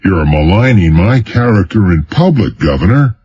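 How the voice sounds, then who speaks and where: A man's voice: deep voice, big pitch swings, normal speed, darkish tone, dull audio, voice pushed up. A man doing a sardonic, mocking drifter. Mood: sarcastic. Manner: sarcastic, cutting, weary. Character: sardonic mysterious male doctor, mocking and contemptuous.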